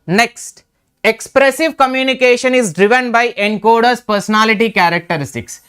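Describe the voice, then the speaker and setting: A man's voice: high voice, a bit bright, clear, resonant tone. A man teaching an exam revision lecture in Indian English, repeating key terms and checking in with "right?".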